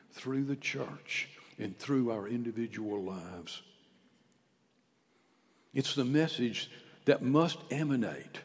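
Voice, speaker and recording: A male pastor preaching a sermon, swinging from quiet, close talk to loud shouted calls. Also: medium pitch. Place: church sanctuary. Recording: church hall with long reverb.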